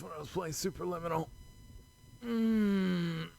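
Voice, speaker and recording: A young man giving casual let's-play commentary, exasperated and self-mocking, swinging between quiet mutters and loud outbursts. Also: fairly low pitch, expressive, unhurried, no room sound. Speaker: gaming channel host.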